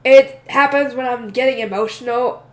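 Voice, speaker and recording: A woman's voice: on the high side, steady tone, normal speed. Slightly nasal woman reading a novel. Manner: chatty asides, emotional, some stumbles. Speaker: audiobook reader. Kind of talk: casual light novel reading with asides.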